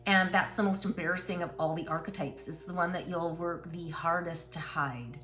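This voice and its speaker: A woman's voice: lowish voice, fairly even intonation, moderate pace, fairly bright tone, soft background music. A middle-aged woman hosting a casual book talk, chatting and reading passages aloud in an encouraging way with asides to her listeners.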